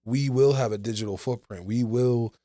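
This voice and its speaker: A man's voice: mid-range voice, normal speed, warm tone. A young man hosting a casual podcast chat into a studio mic, rambling with lots of restarts and fillers. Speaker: podcast host.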